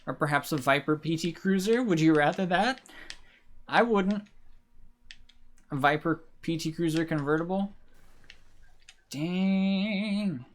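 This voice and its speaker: A man's voice: fairly high pitch, normal speed, long pauses. Rambling man streaming a racing game. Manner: rambling, self-deprecating, swears at the game. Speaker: livestreamer. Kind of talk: casual gameplay commentary.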